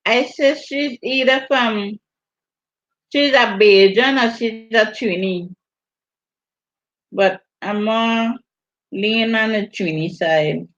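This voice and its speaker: Reading viewer comments in an unhurried, drawn-out way, a woman from St. Thomas, US Virgin Islands, hosts a casual livestream with a Virgin Islands accent. Her voice runs on the high side, and the lo-fi stream sound is dull.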